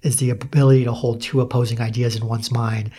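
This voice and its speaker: A man talking in a relaxed, reflective way on a podcast. He laughs easily and swears casually. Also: medium pitch, fast.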